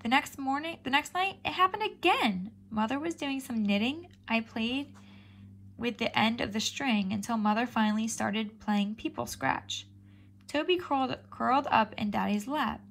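A woman narrates a children's chapter book in an animated, expressive style. Her voice sits fairly high and carries a gentle gravelly fry. It sounds like a bedtime read-aloud. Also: moderate pace, a little hiss or hum. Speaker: storybook reader.

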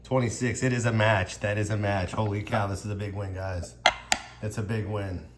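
Male vlogger, lower voice, overwhelmed and tearful, excitable exclaiming, echoey room, audible noise behind. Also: normal speed. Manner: exclaiming, emotional, rambling, addressing viewers as y'all. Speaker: scratch-off ticket vlogger. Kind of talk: excited casual commentary.

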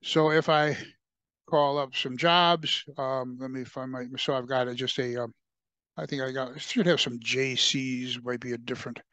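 A man presenting a software demo in a webcast, talking through his screen with frequent fillers and restarts. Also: medium pitch, fairly even intonation, clear, resonant tone, no room sound. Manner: halting, many fillers and restarts.

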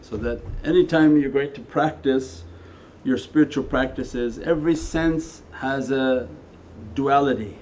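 A man gives a spiritual lecture as a Sufi teacher at a meditation center. His voice is mellow and unhurried in tone, conversational, with quiet asides set against emphatic lines. A faint hiss sits under the recording. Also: medium pitch.

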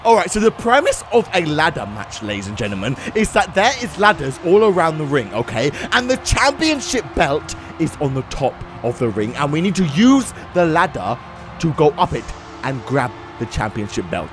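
A young man giving excitable, laughing commentary while playing a wrestling video game. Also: a little high, moderate pace, a little hiss or hum. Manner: loud, laughing, swings between shouts and mumbles. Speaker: gaming YouTuber.

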